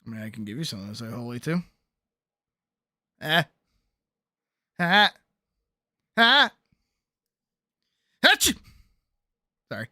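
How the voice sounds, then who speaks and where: Bright-voiced man streaming casual games. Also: mid-range voice, a little slow, long pauses, no room sound, studio quality. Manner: relaxed, chatty, answers chat, laughs often. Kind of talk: casual gaming stream chat.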